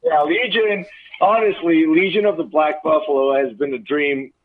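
A man's voice: fairly high pitch, fairly even intonation, moderate pace. Rambling guy on a tinny phone line. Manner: loose, profane, rambling. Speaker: moped club member calling in. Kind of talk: casual phone-in chat.

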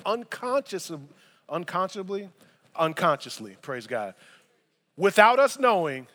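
Male pastor, high voice, lively conversational sermon with asides, church sanctuary with long reverb. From United States. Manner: animated, conversational preaching with asides.

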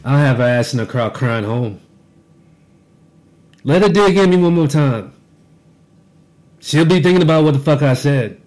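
A man's voice: on the high side, lively intonation, moderate pace, long pauses, darkish tone. A man co-hosting a podcast, telling rambling, profane stories about his workday with frequent restarts. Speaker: podcast co-host. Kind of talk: casual podcast rant.

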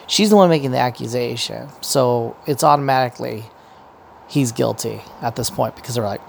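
A man's voice: mid-range voice, normal speed, creaky, a little hiss or hum. A man giving casual, rambling commentary as a podcaster, profane and meandering, with many restarts.

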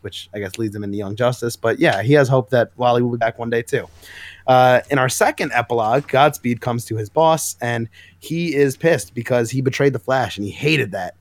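A man's voice: medium pitch, fairly quick. A man co-hosting a casual comic book podcast, recapping scenes with enthusiasm and acting out the lines. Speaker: podcast co-host.

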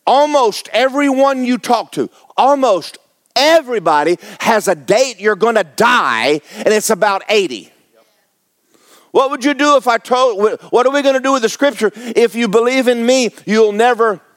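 A man's voice: very high-pitched, expressive, moderate pace, fairly bright tone. A man, preaching a folksy, joking, emphatic sermon as pastor. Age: 70s.

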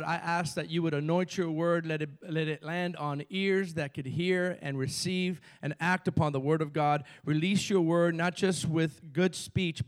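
A man with a Cuban accent, a pastor preaching a sermon to his congregation with energetic call-and-response. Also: a little high. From Cuba. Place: church sanctuary.

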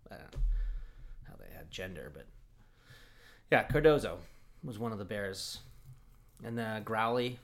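A man with a fairly low voice chatting on a podcast. He wanders through anecdotes, full of likes and ums, relaxed and conversational. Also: measured pace, pauses often. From Oregon. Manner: rambling storyteller, lots of fillers. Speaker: podcast host. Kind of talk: casual chat.

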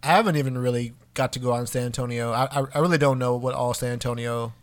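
A man's voice: mid-range voice, steady tone, quick pace. A man chatting casually with a friend, laid-back and full of slang. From lives in Washington, D.C. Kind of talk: casual chat.

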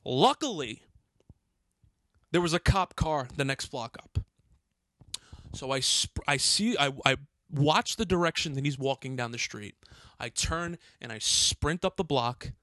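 A man's voice: on the high side, expressive, measured pace, long pauses, bright, forceful tone, no room sound. A man who works as a hotel doorman tells a story on a podcast, agitated and swearing, often restarting his sentences. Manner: profane, heated, agitated retelling with many restarts. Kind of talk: casual storytelling.

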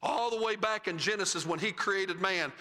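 Brief: middle-aged pastor, tenor voice, very bright and cutting tone, rhythmic preaching cadence, echoing church hall. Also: male voice, normal speed. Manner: preaching cadence, rising to shouts and dropping low at phrase ends. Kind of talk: sermon. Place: church sanctuary.

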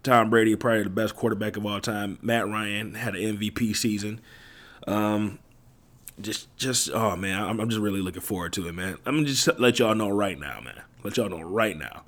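A man hosting a sports podcast, hyping up the listeners in a slangy, excitable way and tossing "man" and "y'all" into nearly every line. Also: fairly low pitch, moderate pace. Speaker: podcast host. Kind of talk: hyped-up solo podcast intro.

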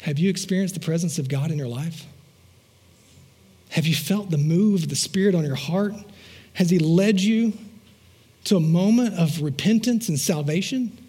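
A man's voice: high voice, normal speed, long pauses, warm tone, husky. A male pastor preaching a sermon, telling personal stories in a chatty way with asides to the congregation and repeated rhetorical phrases. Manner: conversational storytelling with asides to the congregation.

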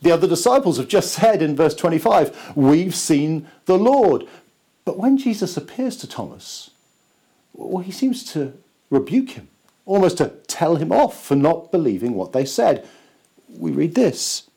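A man, a church pastor, preaching a sermon slowly and emphatically, with dramatic pauses. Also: a little high, sing-song, vocal fry, mellow, husky.

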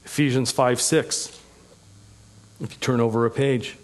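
A middle-aged pastor preaching a sermon in an earnest, conversational way, with folksy asides and humor. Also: male voice, medium pitch, fairly even intonation, a little slow.

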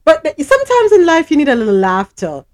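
Brief: animated, fairly high-pitched woman, radio host, chatty and quick to laugh. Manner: laughs often, chatty, reads news aloud. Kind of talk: live radio news chat.

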